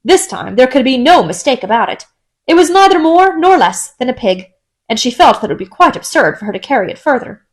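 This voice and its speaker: A woman narrates a classic children's story in a gentle, storytelling manner. Her voice is fairly high and moves through a lively, varied melody. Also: a little fast. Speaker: audiobook narrator.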